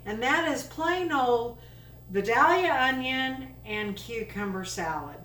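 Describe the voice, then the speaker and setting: A woman's voice: a little high, big pitch swings, a little slow, fairly bright tone. Woman, cooking show host, chatty, enthusiastic, folksy asides, echoey room, faint background noise. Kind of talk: casual cooking demonstration. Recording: echoey room, mic at a distance.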